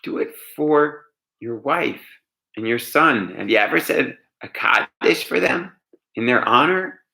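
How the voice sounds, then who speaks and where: Man doing an urgent, persuasive friend, bright-toned. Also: medium pitch, lively intonation, measured pace, gravelly, heavily acted. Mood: urging. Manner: urgent, pleading. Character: earnest persuasive man urging his friend.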